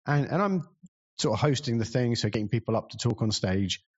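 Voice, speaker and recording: A man's voice: on the low side, fairly even intonation, fast talker, darkish tone, husky, lo-fi sound. Rambling man, self-deprecating. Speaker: community event organizer. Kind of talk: casual storytelling talk.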